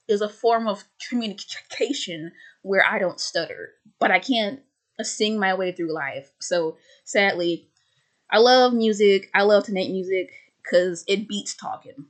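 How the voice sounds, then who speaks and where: A woman with a stutter reviewing a film in casual, rambling chat, full of fillers and repeated words, slipping into quick voices for the characters. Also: mid-range voice. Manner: acts out characters' lines in quick put-on voices.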